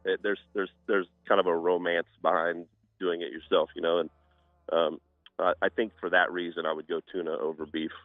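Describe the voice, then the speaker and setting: Halting deep-voiced man on a phone line. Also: little pitch movement, no room sound. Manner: hesitant, repeats words, halting. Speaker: chef guest. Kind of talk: call-in interview.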